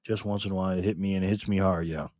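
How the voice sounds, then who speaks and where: A man hosting a casual live stream, reading the chat aloud with excitement and frequent laughter. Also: low-pitched, rapid-fire, no room sound, clean studio sound.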